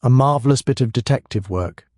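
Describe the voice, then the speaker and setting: A sly, soft-spoken village policeman with a thick Scottish Highland accent, as a narrator puts him on, drawling in a syrupy, mellow tone. The audiobook recording is close and dry. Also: brisk, dry recording, lightly acted.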